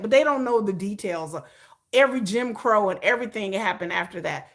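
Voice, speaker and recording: A woman hosting a casual livestream, animated and opinionated, often breaking into laughter. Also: mid-range voice, a little fast. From United States. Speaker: livestream host.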